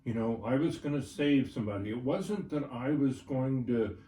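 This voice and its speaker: A man's voice: medium pitch, moderate pace, mellow, a little hiss or hum. An older man, a horse trainer, telling a personal story in an interview in a folksy way, often checking in with his listener. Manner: folksy, checks in with "right?" and "all right?". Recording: roomy, from a distance, faint ambience.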